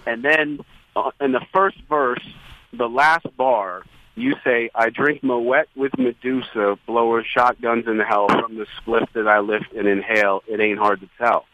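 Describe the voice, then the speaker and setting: A man, a guest, telling a story in an excited, rambling way with many restarts. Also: medium pitch, measured pace, dry recording, lo-fi sound. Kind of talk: casual storytelling chat.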